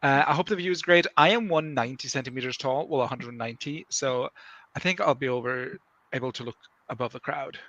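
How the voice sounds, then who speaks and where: Deadpan man with a bright, dry voice. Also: mid-range voice, fairly quick, no echo, highs cut off. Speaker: writer guest. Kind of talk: casual chat among writers.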